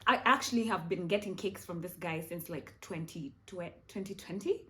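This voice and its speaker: A woman's voice: on the low side, moderate pace. A young Kenyan woman in her twenties, chatting casually as she tells a story to her vlog audience and slipping into Swahili now and then. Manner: chatty, animated, mixes in Swahili. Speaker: vlogger.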